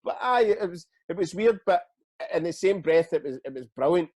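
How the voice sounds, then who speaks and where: A man's voice: sits high, lively intonation, moderate pace, darkish tone, no echo. A middle-aged Scottish man, a retired footballer, telling his career stories in a casual interview, swearing freely and acting out what others said. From Scotland.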